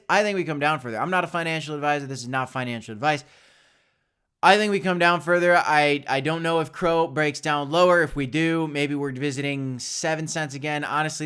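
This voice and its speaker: A man hosts a live crypto stream in casual commentary, his voice a little high, smooth and fairly bright. He's opinionated and speaks straight to his viewers, restarting and correcting himself often.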